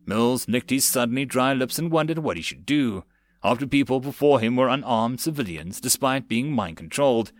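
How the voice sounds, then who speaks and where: A man reading a web novel audiobook in a plain, steady narrating manner with occasional slips. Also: medium pitch, normal speed, no echo, studio quality.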